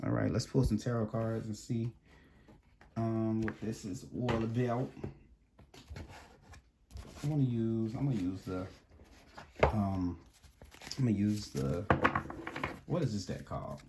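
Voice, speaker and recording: A man's voice: lowish voice, unhurried, long pauses, very noisy. A man talks his way through a tarot reading in a loose, rambling way. He trips over and repeats his words and speaks straight to the listener as if chatting with a friend. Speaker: tarot reader.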